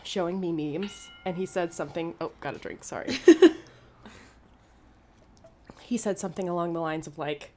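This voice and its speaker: A young woman co-hosts a podcast in a lowish voice. She rambles through her stories and giggles often as she chats. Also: moderate pace, pauses often, dark tone, slight background noise. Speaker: podcast co-host. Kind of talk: casual podcast chat.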